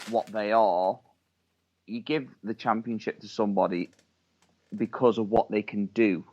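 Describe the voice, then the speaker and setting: Man, low voice, blunt, sweary, casual podcast chat, dull lo-fi sound. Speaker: podcast co-host.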